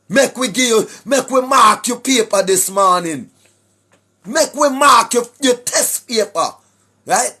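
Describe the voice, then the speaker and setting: A man with a Jamaican accent preaching to online viewers in a sing-song, rhetorical way, often asking "right?" and clearing his throat. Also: very high voice, sharp tone. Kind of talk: preachy livestream address to viewers. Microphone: speaking straight to a camera or phone.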